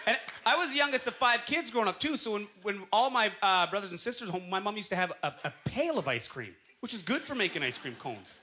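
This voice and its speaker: Bright, high-voiced man doing stand-up. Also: very animated, fairly quick, few pauses, a little hiss or hum. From Canada. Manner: storytelling, acting out quoted voices. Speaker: stand-up comedian. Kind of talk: stand-up comedy set. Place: comedy club stage. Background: audience laughter.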